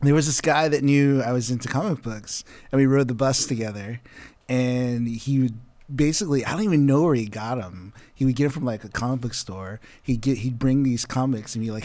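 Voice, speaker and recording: Guest, man, mid-pitched, easygoing laughing storyteller, dry close mic. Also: fairly quick, darkish tone, no room sound. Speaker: podcast guest. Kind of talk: casual chat.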